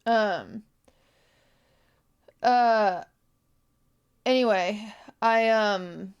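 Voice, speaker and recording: A woman's voice: mid-range voice, extremely slow, smooth, highs cut off. A young woman streamer talking to her viewers on a livestream, tearful, rambling and apologetic. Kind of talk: emotional livestream talk.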